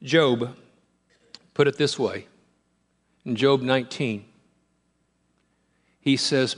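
A man preaching a sermon, emphatic and repetitive, swinging between rising fervor and quiet, hushed moments. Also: medium pitch, slow, pauses often. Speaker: pastor.

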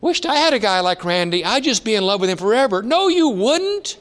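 A man in his fifties delivers a sermon with a bright, forceful tone. He speaks in a slightly high register and tells his stories conversationally, lifting his voice for emphasis. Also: lively intonation, fast talker. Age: 50s. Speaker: pastor.

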